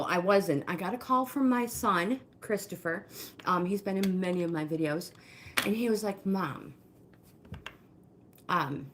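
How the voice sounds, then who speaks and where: This middle-aged woman's voice is medium-pitched and fairly bright, with a little hiss or hum and roomy indoor echo in the recording. She hosts a live walking workout, chatting warmly, encouraging viewers and naming them, slightly short of breath.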